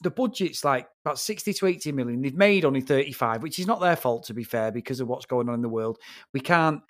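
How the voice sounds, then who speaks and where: A man's voice: medium pitch, expressive, fast. A man co-hosting a film review podcast, ranting bluntly and swearing freely in casual chat.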